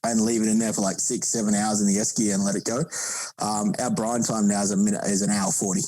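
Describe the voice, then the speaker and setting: A man's voice: fairly low pitch, level tone, fast, mellow, no echo, poor audio. A man chatting casually as a podcast guest, rambling with frequent restarts. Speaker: podcast guest, barbecue competitor.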